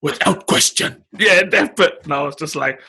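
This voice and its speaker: A young man, chatting casually with friends as host. His voice is slightly husky and sits a bit high for a man. He is animated, laughs often and slips into acted-out film lines. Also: normal speed. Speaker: podcast host.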